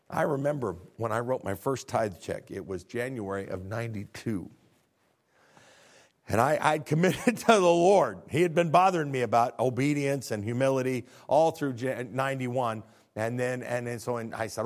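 A middle-aged man preaching a sermon as pastor, animated, acting out dialogues and swinging from quiet low lines to near shouts. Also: moderate pace.

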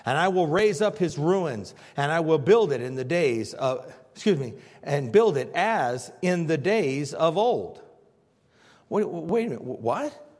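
A man's voice: on the high side, animated, unhurried, hardly any pauses, darkish tone, big-room sound. A man preaching a sermon on scripture, acting out the people he quotes with big swings in voice. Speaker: pastor.

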